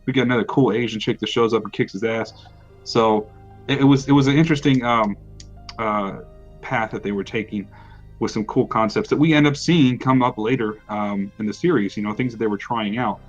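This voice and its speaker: A man's voice: on the low side, a little fast, muffled recording, faint music behind. A man co-hosting a podcast in casual chat, laughing often and mocking people in quoted voices. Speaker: podcast co-host.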